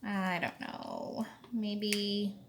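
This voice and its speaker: A woman hosts a card-making tutorial, chatting slowly and casually and thinking aloud while she works. Her voice is mid-range with fairly even intonation, and there's background noise in the recording.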